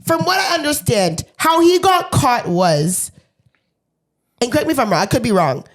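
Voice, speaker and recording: A woman's voice: sits high, very animated, normal speed. A woman co-hosting a podcast, telling a story in casual chat with lots of hedges and "like"s. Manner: hedging, rambling storyteller. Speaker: podcast co-host.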